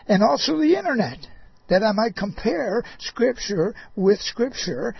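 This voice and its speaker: Male preacher, folksy sermon voice, slow drawl with chuckles, husky, dry close sound. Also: sits high, no room sound, highs cut off. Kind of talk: folksy sermon addressed to an apostle.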